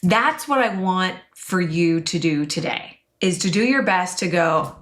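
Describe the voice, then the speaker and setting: A woman teaching about personality types in a chatty, expressive way, often acting out quotes. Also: lowish voice, unhurried, few pauses. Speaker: Enneagram coach and teacher. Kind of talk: casual teaching talk to an online class.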